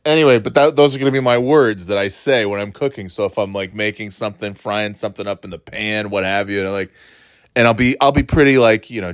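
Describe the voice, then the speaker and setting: A man in relaxed, casual chat, joking, rambling and making up silly words. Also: on the low side, fast talker, clear, resonant tone, no room sound, studio quality.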